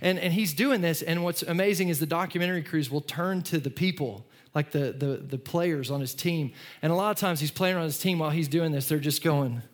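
Middle-aged guy preaching, kinda high voice, chatty, gets loud then drops real soft. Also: a little fast, few pauses. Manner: conversational preaching, repeats words, rises and falls in loudness. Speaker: pastor. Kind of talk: sermon.

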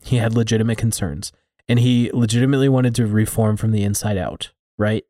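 A man's voice: on the low side, steady tone, fairly quick, warm tone, no room sound, studio quality. A man in casual podcast conversation, wry and loose, slipping in jokes.

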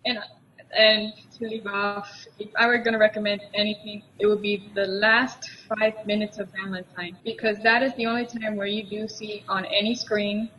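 A woman's voice: medium pitch, little pitch movement, normal speed, pushed and bright. A woman, a guest on a podcast, talking casually and eagerly about a TV show she loved. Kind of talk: casual chat. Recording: distant mic with faint background noise.

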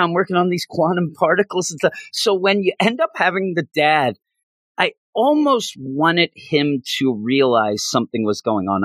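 In a dry recording, a man with a slightly high voice co-hosts a relaxed podcast conversation. He eagerly recounts comic scenes, animatedly voicing what the characters say.

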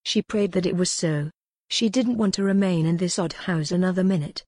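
Fairly low in pitch, a woman narrates an audiobook from a script at a steady, even pace, and the recording carries no echo.

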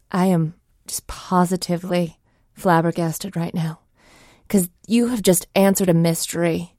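A low-voiced woman trading comic banter in a mock-dramatic, exasperated deadpan. She is recorded close and dry, with no room around her. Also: no room sound. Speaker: improv comedy performer.

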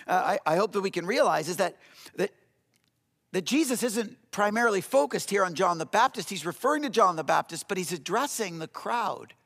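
A man's voice: high voice, vocal fry, a bit bright, long reverb tail. A man preaching a sermon as pastor, in a conversational way with frequent fillers and restarts.

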